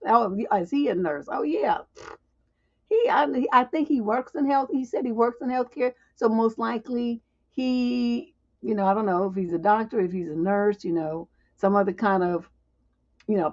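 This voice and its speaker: Woman, fairly high voice, brash profane advice host, livestream, dull lo-fi audio. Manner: chatty, laughing asides.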